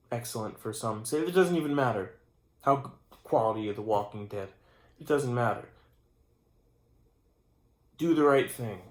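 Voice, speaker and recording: Sleepy man rambling in an echoey room. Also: mid-range voice. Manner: rambling, mock-serious, trails off and restarts. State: sleepy and tired late at night. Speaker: channel host. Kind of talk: rambling mock-serious rant to camera. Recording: roomy echo.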